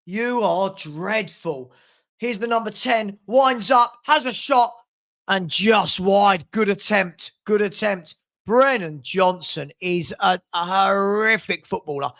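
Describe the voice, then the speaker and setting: High-voiced exasperated man commentating. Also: slow, a bit bright. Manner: exasperated, blunt running commentary; reads out and answers viewer comments. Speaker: fan watchalong host. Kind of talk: live match commentary and chat. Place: at home with a dog.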